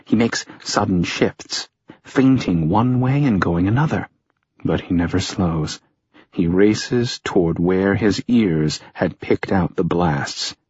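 Slow husky male audiobook narrator. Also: sits low, darkish tone, no echo, muffled recording. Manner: dramatic, measured storytelling. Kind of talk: scripted narration.

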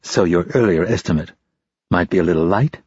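A composed young female intelligence officer, as a male narrator puts her on. She speaks coolly and precisely, with a low, husky tone. The recording is dull and dry. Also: fairly quick, a little mellow, dry recording. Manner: cool, probing, businesslike.

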